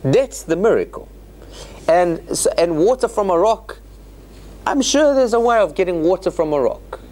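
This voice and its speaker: A man teaching a Torah study class as a rabbi, explaining scripture in an animated way with joking asides. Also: high voice, moderate pace. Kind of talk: informal Bible lecture.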